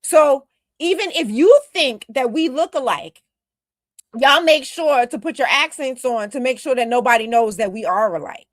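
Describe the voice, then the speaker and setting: High-voiced and animated at a moderate pace, this podcast co-host lays into her critics with emphatic, scolding remarks. It's casual commentary, captured in a clean studio without echo.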